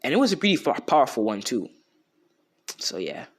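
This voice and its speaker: A man's voice: mid-range voice, wildly swooping pitch, a little fast, breathy edge. A young man casually retelling a fan story off the cuff, rambling and slangy, with many fillers and restarts.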